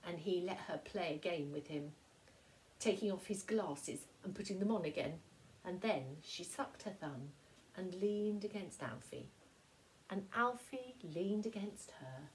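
A woman's voice: fairly low pitch, a little hiss or hum, low-quality recording. Woman teacher reading a picture book aloud. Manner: expressive, slow storytelling. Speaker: primary school teacher.

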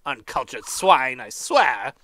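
A man's voice: medium pitch, sing-song, takes it slowly, dry recording, voice pushed down, full character voice. A man voicing a hot-tempered, pompous Victorian explorer who rants and hurls haughty insults. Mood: furious. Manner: ranting, haughty, shouting insults.

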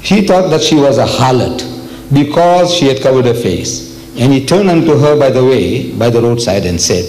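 A man's voice: mid-range voice, animated, moderate pace, a little mellow, low-quality recording. An older man from South Africa giving a public religious lecture, emphatic and repetitive, with frequent rhetorical questions. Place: lecture hall.

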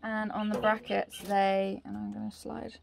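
A woman's voice: medium pitch, little pitch movement, a little slow, creaky, crowd noise. A young woman chatting casually outdoors beside a van, loose and chatty with lots of fillers. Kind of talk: casual conversation.

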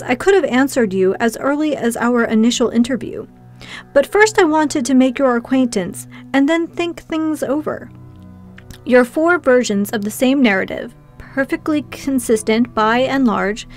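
A woman voicing an aloof male ship commander in an audiobook, speaking in a calm, penetrating, precise way. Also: high voice. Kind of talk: audiobook character reading.

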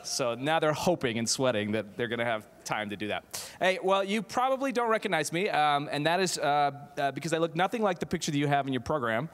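A middle-aged man with a fairly high voice talks fairly quickly, delivering a humorous, self-deprecating keynote as a theater professor, full of fillers and restarts. He's in a large auditorium, and the recording carries echoey hall reverb.

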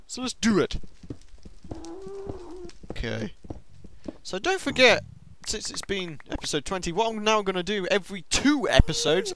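A young man giving excitable let's-play commentary on a game, talking to himself and to the monsters. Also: fairly high pitch, a little hiss or hum. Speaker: gaming video host.

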